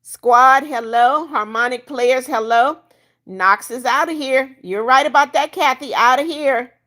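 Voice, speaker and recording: Her voice is high and sharp, and she talks a little slowly. The speaker is an older woman hosting a casual livestream, reading chat aloud and bluntly getting rid of troublemakers.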